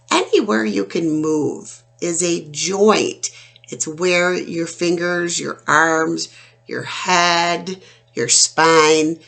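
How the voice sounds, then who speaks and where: A woman teacher giving a phonics lesson to children, sounding out each word slowly and clearly. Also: fairly low pitch, fairly bright tone. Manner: slow, clear, drawn-out sounding out of words.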